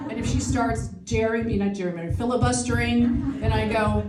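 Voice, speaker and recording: A woman's voice: medium pitch, fairly even intonation, fairly quick, hardly any pauses, a crowd in the background. A woman in her forties doing a chatty, self-deprecating stand-up set, laughing at her own jokes, with no microphone at a live show. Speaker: stand-up comedian and emcee. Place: comedy show venue with live audience. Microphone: no microphone, picked up from afar. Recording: echoey room picked up from a distance.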